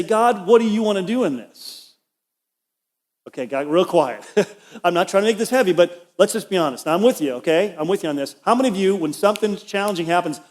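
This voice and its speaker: A middle-aged man, a pastor, preaching a conversational sermon and telling a personal story with asides to the congregation. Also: fairly high pitch. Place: church auditorium.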